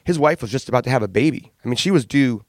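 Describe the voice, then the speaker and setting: A man, a band's frontman, telling candid, animated studio stories in a casual interview, with swearing and laughs. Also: medium pitch, fast, no room sound. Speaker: band frontman and singer.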